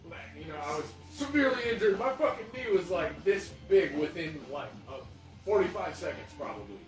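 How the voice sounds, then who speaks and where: A young man telling a story as an interview guest, animated and profane, rambling with many restarts. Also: high-pitched, fairly quick. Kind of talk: casual storytelling. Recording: echoey room, distant mic, music behind.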